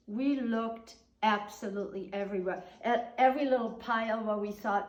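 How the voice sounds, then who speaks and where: Older woman, oral history teller, conversational with quiet trailing ends; roomy echoey recording. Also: mid-range voice, moderate pace, few pauses. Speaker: storyteller. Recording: roomy echo.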